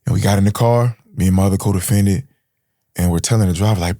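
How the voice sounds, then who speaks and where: A man's voice: deep voice, fast talker, dark tone, dry recording, clean studio sound. Slangy man telling a raw story. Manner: slangy, street talk, says bro and man a lot. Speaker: podcast guest. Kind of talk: emotional storytelling.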